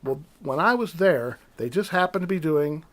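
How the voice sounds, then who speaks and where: A man in his fifties with a fairly high voice tells stories in a relaxed podcast conversation. He is animated and acts out the people in his stories as he goes. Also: moderate pace. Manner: storytelling, animated, mimics voices in quotes. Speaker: podcast guest. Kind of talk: casual chat.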